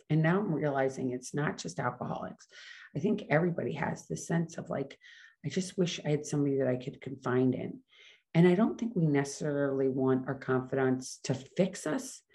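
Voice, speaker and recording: Fast-talking woman hosting a podcast. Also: low voice, warm tone. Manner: fast-talking, chatty, self-correcting. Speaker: podcast host. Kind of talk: casual solo podcast monologue.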